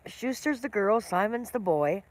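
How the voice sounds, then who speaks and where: Chatty woman, slow rambling livestream talk. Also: mid-range voice, expressive. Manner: chatty, rambling, talks to viewers by name. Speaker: livestream host. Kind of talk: casual livestream chat with viewers.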